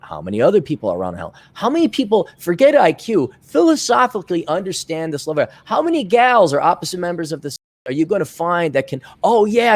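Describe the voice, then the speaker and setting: A man telling stories in casual chat, acting out quoted dialogue and swearing now and then. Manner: animated, acts out quoted dialogue with big pitch swings.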